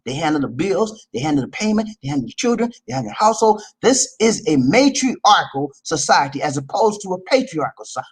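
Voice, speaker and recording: A man hosting a casual advice talk, animated and preachy, with slang and loud laughs at his own jokes. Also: sits high, a little fast, gravelly, hardly any pauses, poor audio. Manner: slangy, repeats "man" and "okay". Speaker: vlog host.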